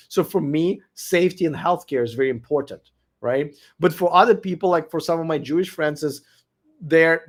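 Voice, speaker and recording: Blunt man with a weak voice. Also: fairly high pitch. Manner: blunt, profane, repeats himself while arguing. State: losing his voice. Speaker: livestream host answering viewer comments. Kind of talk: late-night livestream chat.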